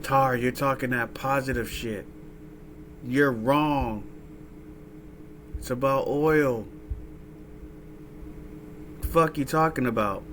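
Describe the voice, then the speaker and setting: A man's voice: mid-range voice, measured pace, background noise. A man hosting a casual reaction commentary, rambling and profane, often tagging lines with "right?" and "huh?". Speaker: host reacting to a clip.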